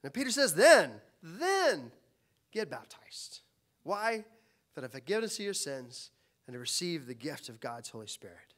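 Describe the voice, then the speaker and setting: Impassioned high-voiced male preacher. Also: fairly bright tone. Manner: impassioned, rising and falling, rhetorical questions. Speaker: pastor. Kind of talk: sermon.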